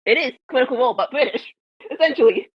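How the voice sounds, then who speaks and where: Woman player, quick eager chatter, dry lo-fi call audio. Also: sits high, expressive, slightly rough, no room sound. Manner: chatty, enthusiastic about podcasts. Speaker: tabletop game player. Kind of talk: casual chat between players.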